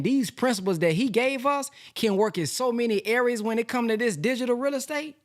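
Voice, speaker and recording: A man presenting a sales lesson from slides in a lively, casual way, with slang, talking straight to his audience. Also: sits high. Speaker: presenter teaching a sales system.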